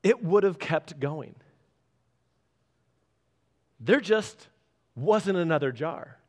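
A man in his thirties preaching a sermon, animated and acting out little voices as he speaks. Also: slow. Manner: animated, acts out voices with big pitch jumps. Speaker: pastor.

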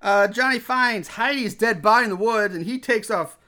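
High bright-voiced guy rambling through a movie recap, swears a lot, laughs a bunch. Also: moderate pace. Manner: rambling, profane, laughs often, acts out characters' lines. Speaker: podcast co-host recapping a film. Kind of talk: casual movie recap chat.

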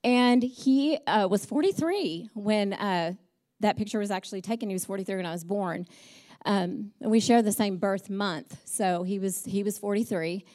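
A woman's voice: mid-range voice, normal speed, a little mellow. Middle-aged woman at church, telling stories about her father in a chatty, heartfelt way with frequent ums. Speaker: church speaker. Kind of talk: personal storytelling message.

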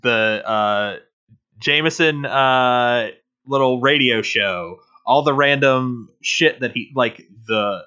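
A man's voice: medium pitch, slow pace, pushed and bright, clean tone, dull audio. A man co-hosting a casual game review podcast, rambling and restarting his sentences, swearing offhandedly. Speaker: podcast co-host.

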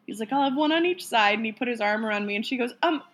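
A woman's voice: a little high, animated, quick pace, fairly bright tone. A young woman casually telling a story in a podcast chat, giggly and full of "like"s.

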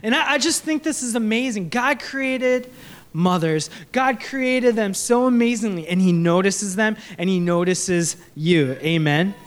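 A young male pastor speaks in a high, light voice. He preaches in an earnest, chatty way, often restarting sentences and putting questions to his listeners. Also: unhurried. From Sri Lanka. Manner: earnest, conversational, with frequent restarts and audience questions. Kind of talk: sermon.

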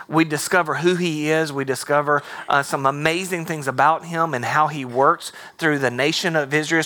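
A man's voice: on the high side, pushed and bright. A man preaching a sermon as pastor, mixing humor and acted-out quotes into his teaching. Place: church auditorium.

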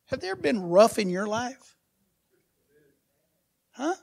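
A man preaching a sermon as pastor, asking his congregation rhetorical questions and swinging from soft asides to loud, emphatic bursts. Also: very high voice, very animated, takes it slowly, gravelly, long pauses.

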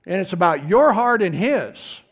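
A man's voice: sits high, very animated, unhurried, a bit bright. A middle-aged man preaching a folksy, conversational sermon, often calling out to his congregation.

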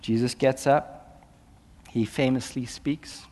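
A man preaching a sermon as pastor, moving between hushed, slow passages and raised, urgent questions. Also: mid-range voice, fairly even intonation, long reverb tail.

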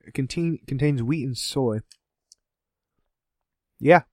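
A man co-hosting a casual podcast, quick to laugh and crack jokes. His voice sits at an ordinary middle pitch, recorded close and dry with no room sound. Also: a little mellow, dry recording. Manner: jokey and giggly, rambling asides. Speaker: podcast co-host. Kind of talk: casual chat.

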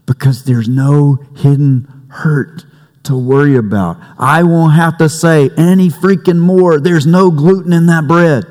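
A man delivers a sermon in an unhurried, conversational way. He leans on jokes and family anecdotes. His voice carries a long reverb in a church sanctuary. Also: fairly high pitch, a little mellow. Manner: conversational preaching with humor and family stories. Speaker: pastor.

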